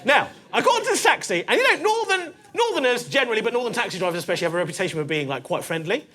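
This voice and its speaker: A man in his thirties with a London accent, performing a stand-up set in a comedy club, conversational and punchy, with quick asides to the crowd. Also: very high-pitched, sing-song, a bit bright. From East London.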